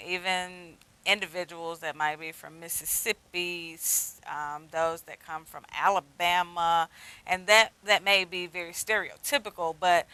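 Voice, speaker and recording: A woman with a Southern US accent answers interview questions slowly and carefully. Her voice is bright and clear, and pauses with "um" break up her answers. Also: on the low side, rough recording. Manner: measured, many "um" pauses. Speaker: speech language pathologist, guest. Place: TV studio.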